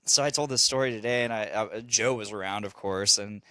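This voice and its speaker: A man's voice: lowish voice, a little fast, bright, forceful tone, no room sound. A man telling a parenting story on a casual podcast, swearing and laughing as he goes. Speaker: podcast host; father.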